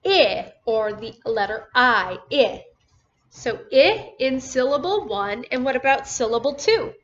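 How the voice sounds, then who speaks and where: A woman teaching a phonics lesson to first graders, slow and patient, drawing out each word and praising often. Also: high voice, big pitch swings, lo-fi sound. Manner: slow, patient, drawn-out words with encouraging praise. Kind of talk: phonics lesson for young children.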